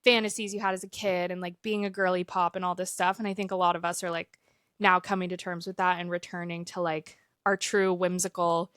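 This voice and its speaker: A woman's voice: fairly low pitch, flat delivery, brisk, fairly bright tone, smooth, dry recording, clean studio sound. A young woman co-hosting a podcast, talking in an easygoing, casual way with many "like" fillers. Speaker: podcast co-host. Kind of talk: casual chat, reading a review aloud.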